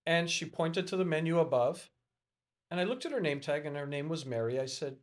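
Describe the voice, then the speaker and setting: Lively middle-aged man telling stories. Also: on the high side, normal speed. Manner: lively, acts out dialogue in a raised voice. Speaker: podcast guest, educator and networker. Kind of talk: animated storytelling in a podcast interview.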